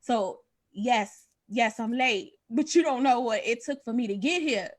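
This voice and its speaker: A woman, candidly telling a personal story and acting out the dialogue with big pitch jumps. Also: a little slow. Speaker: podcast guest sharing a personal story.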